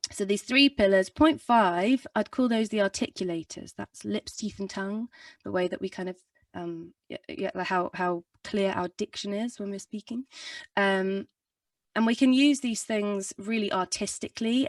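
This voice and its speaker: A woman's voice: mid-range voice, dry recording, far from the mic. Young woman, vocal coach, rambling chatty explanations, set back from the mic, dry sound. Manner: rambling, chatty, full of fillers and self-corrections. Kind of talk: casual explanatory talk in a video interview.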